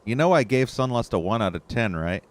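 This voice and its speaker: A man rants his way through a game stream, cursing constantly in frustration. His voice is mid-pitched but leaps around a lot. A faint noise sits under the recording. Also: expressive, a little fast. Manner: profane, ranting, easily frustrated. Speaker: gameplay streamer. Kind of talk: live gameplay commentary.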